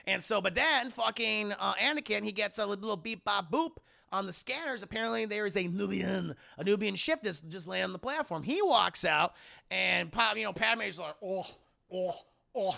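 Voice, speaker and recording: A man's voice: high-pitched, moderate pace, creaky, bright, forceful tone. A man streaming a casual spoiler film review, crude, profane and rambling, laughing often.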